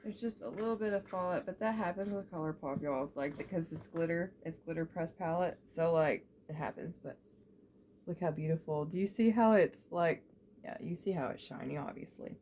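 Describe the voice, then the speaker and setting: A young woman, chatting excitedly as she unboxes beauty products, full of "like" and "y'all". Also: lowish voice, normal speed, a little hiss or hum. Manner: gushing and excitable, lots of "like" and "y'all". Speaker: beauty vlogger. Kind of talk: casual unboxing chat.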